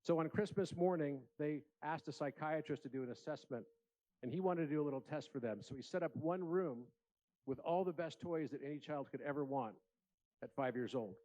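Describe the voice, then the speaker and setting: A man's voice: on the high side, a little fast, warm tone, highs cut off. Man giving an earnest keynote speech. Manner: earnest, storytelling with acted voices. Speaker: conference speaker. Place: large conference room.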